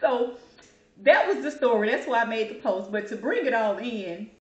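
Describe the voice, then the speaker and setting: High-voiced woman telling a story. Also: normal speed, lo-fi sound. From Southern US. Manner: animated, laughing storyteller. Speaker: host. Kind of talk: casual chat, storytelling. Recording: echoey room.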